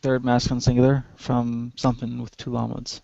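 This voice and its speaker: A man's voice: mid-range voice, monotone, moderate pace, creaky, warm tone, no room sound. A man in a casual Bible study on a video call, talking in a plain, matter-of-fact way about grammar. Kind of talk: casual discussion. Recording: dry, muffled video call audio.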